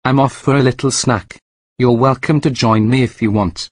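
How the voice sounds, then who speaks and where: A man voicing a polite, calm otherworldly male announcer with tentacles, in a mock interview. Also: medium pitch, moderate pace, no room sound, natural voice. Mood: matter-of-fact. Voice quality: calm, matter-of-fact, courteous. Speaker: birthday announcer.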